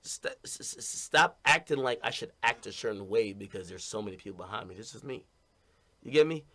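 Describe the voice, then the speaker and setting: A man's voice: on the low side, animated, brisk, bright, forceful tone. A man talking casually and bluntly to his stream audience, rambling and repeating "you know what I mean".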